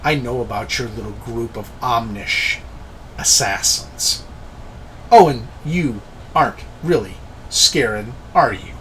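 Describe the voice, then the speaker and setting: A man voicing a calm, menacing male spellcaster with a slight African accent, speaking quietly and measuredly. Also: medium pitch, slow pace, slight background noise, poor audio.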